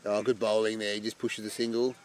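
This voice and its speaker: A man giving chatty live commentary on an amateur cricket match. He breaks into loud excitement at wickets. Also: lowish voice, fairly quick.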